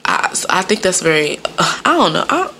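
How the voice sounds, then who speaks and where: A woman's voice: fairly low pitch, big pitch swings, normal speed, sharp tone, a little hiss or hum. A young woman telling stories in a casual monologue, rambling and profane, laughing often and filling her talk with "like".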